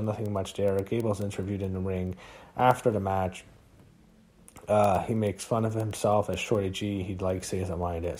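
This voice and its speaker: A man with a lowish, mellow voice gives a casual spoken review of a wrestling show, swearing a lot and breaking into rants whenever something annoys him.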